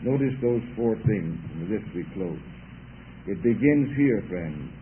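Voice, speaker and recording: Emphatic preacher on tinny old radio. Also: male voice, on the low side, expressive, unhurried, slight background noise. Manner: emphatic, building to loud exhortation. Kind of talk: sermon.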